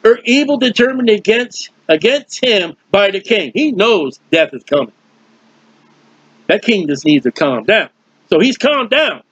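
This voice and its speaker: Husky high-voiced man teaching scripture. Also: big pitch swings, a little slow, fairly bright tone, no room sound, highs cut off. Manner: conversational, explains with everyday comparisons, frequent restarts. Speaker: Bible teacher. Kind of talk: informal verse-by-verse Bible teaching.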